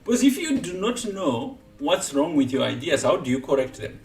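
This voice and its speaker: A chess coach on a stream, this man talks with a lively, swinging pitch. He laughs a lot as he explains moves. His voice rings in an echoey room with faint music behind it. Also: moderate pace, recorded from a distance. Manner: animated, laughs often while explaining. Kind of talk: live-streamed chess lesson.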